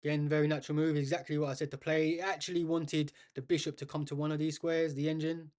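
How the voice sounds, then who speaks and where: A man's voice: fairly high pitch, flat delivery, quick pace, darkish tone. Chatty man commentating live chess. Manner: chatty, addresses viewers as guys, thinks aloud with restarts.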